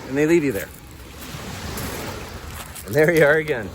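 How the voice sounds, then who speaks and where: A man telling a story in a low-key, soft-spoken way while out on a walk by a lake. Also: lively intonation, normal speed, background noise. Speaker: peer support vlogger. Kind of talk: storytelling to camera. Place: outdoors by a lake.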